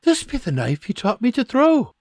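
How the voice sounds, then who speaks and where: A man's voice: very high voice, wildly swooping pitch, normal speed, a little mellow, dry recording, clean studio sound, voice pushed up, exaggerated voice. A man voicing an eager, earnest young frontier man in a raised voice.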